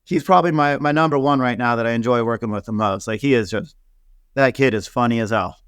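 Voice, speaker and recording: A man talking casually in an interview, telling stories in an animated way and full of fillers. His voice sits in a middle range. The recording is dry and close, with no room sound. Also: medium pitch, fast talker, clear, resonant tone, no room sound. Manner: animated, laughing storyteller with many fillers. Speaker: celebrity hairstylist guest.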